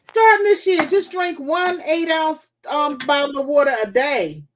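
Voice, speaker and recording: A woman's voice: high-pitched, expressive, unhurried, a little hiss or hum. A woman hosting a casual live chat, giving blunt, profane, motherly advice. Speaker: host.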